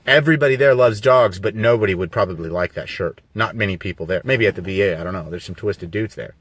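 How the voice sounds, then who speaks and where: A man's voice: fairly low pitch, fast, husky, dry recording. A man talking on a live video stream, rambling and emphatic, full of rhetorical questions. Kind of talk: casual live-stream monologue. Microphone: phone on a mobile signal.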